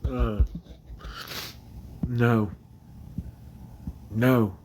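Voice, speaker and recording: Tearful guy livestreaming from his bedroom on a phone, halting and apologetic, very slow delivery. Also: medium pitch, steady tone, noisy background. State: crying. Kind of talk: casual livestream chat. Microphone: phone camera.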